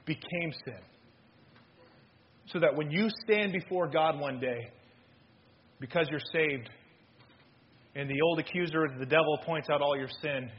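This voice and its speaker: High-voiced animated preaching man. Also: normal speed, long pauses, lo-fi sound. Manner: animated, swings between loud and hushed, calls himself ranting. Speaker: pastor. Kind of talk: sermon.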